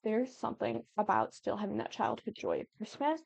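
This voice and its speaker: A woman's voice: fairly high pitch, brisk, creaky, darkish tone, dry recording. A 19-year-old woman chatting casually at home over gameplay, rambling and giggly, jumping from thought to thought. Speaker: gaming YouTuber. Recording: dull lo-fi dry sound.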